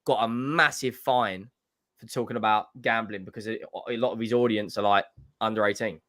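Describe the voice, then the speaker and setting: A young man co-hosting a football fan livestream, telling animated, jokey stories in casual chat. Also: lowish voice. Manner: animated storyteller, jokey, quick restarts.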